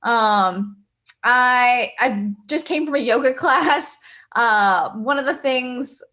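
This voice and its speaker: A woman's voice: a little high, slow, pushed and bright. A woman doing a stand-up set at an online open mic, wry and self-deprecating. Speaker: stand-up comedian.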